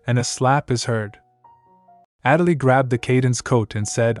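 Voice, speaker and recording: A man reading a scripted story recap in a flat, even, somewhat stiff way. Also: mid-range voice, normal speed, no echo, faint music behind. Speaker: narrator. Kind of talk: scripted manhwa recap narration.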